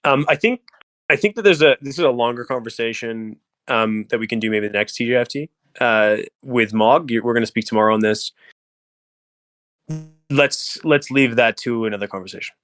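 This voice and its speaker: A man's voice: mid-range voice, a little fast, fairly bright tone, no room sound. A man on a community call, brief and deflecting a question to a later conversation. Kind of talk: casual chat on a voice call.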